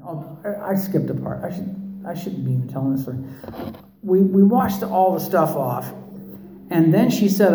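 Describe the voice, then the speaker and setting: A middle-aged man shares his personal story with a room full of listeners, his voice sitting a little high for a man. He talks with wry, self-mocking humor and stops and restarts often. The sound carries an echoey room. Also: animated, normal speed, dark tone, a little hiss or hum. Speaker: speaker sharing his recovery story.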